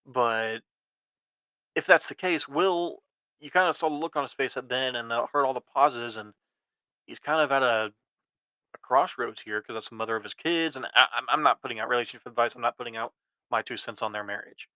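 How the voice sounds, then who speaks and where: Bright-voiced young man rambling. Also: mid-range voice, fairly quick, no room sound, low-quality recording. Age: 20s. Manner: rambling, many restarts and ums. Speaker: podcast host. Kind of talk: casual commentary.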